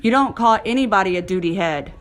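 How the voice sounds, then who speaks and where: A woman's voice: medium pitch, animated, fast, low-quality recording. A woman in her thirties, a mother filming a casual home vlog, talking bluntly to her kids and cooing at the family dog. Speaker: mother and vlogger.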